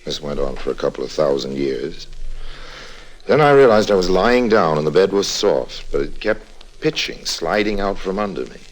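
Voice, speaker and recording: A man's voice: low voice, big pitch swings, moderate pace, poor audio. An actor playing a roguish adventurer, narrating his own tale with dry, sardonic humor in a 1950s radio drama. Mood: wry.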